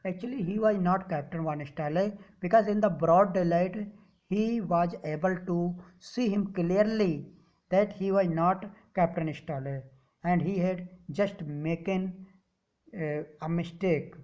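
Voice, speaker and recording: A teacher with an Indian English accent walks through a story slowly and patiently. Each sentence is read aloud, then glossed in plainer words. The recording sounds somewhat dull and muffled. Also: medium pitch, a little mellow. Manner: reads a line, then repeats it in simpler words. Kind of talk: explaining a story lesson.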